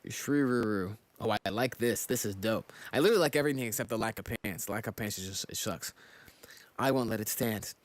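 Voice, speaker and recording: A man's voice: fairly low pitch, quick pace, few pauses, no echo. A man reacting casually on a live stream, thinking aloud and talking to his chat while yawning. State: sleepy, yawning. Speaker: streamer reading manga live.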